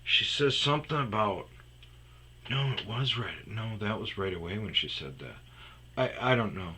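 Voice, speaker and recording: Rambling man with a bright, forceful voice. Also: on the low side, lively intonation, normal speed, slight background noise. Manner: rambling, restarts, drops to muttered whispers. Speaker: comedic storyteller. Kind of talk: rambling comedic monologue.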